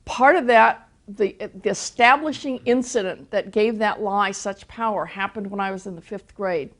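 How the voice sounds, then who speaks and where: A woman's voice: medium pitch, moderate pace, a bit bright. An older woman, a Christian teacher, telling a personal testimony in a storytelling way, often restarting her words.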